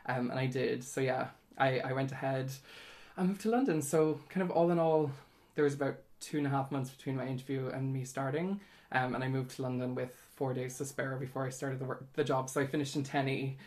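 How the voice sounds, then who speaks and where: A woman's voice: extremely low pitch, fairly even intonation, fairly quick, a little mellow. A young woman in her twenties with an Irish accent, talking candidly and chattily as an interview guest, with many fillers. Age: 20s. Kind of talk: casual interview.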